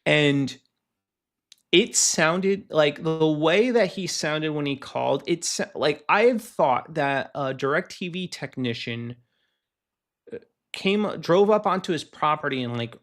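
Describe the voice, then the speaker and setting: A man hosting a casual solo show, ranting and telling work stories in an animated way, acting out the people he quotes. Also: on the high side, slow pace. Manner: animated storytelling, acts out quoted callers. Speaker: podcast host. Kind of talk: casual solo rant, reading posts aloud.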